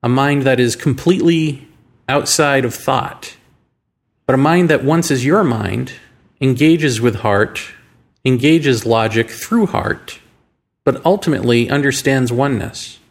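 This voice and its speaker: A man hosting a show, talking through ideas in a musing monologue full of rhetorical questions and slow, deliberate phrasing. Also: mid-range voice. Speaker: podcast host. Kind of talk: reflective monologue.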